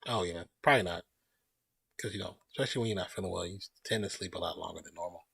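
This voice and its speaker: Low husky guy rambling on his stream, dry close sound. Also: racing, no echo. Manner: relaxed, rambling, greets chat viewers by name. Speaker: live stream host. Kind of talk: casual live stream chat.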